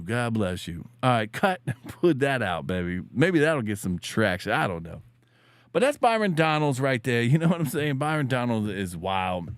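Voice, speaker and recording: A man hosts a casual political commentary show in a loose, slangy, joking way, now and then shouting a catchphrase. His pitch swings widely. The sound is dry, with no room in it. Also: animated, normal speed, no room sound.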